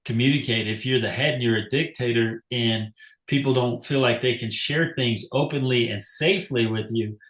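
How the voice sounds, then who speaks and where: A man's voice: mid-range voice, moderate pace, a bit bright, roomy sound. A man hosting a podcast, chatting casually, affirming his guest and telling his own coaching stories. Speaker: podcast host. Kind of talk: casual interview talk.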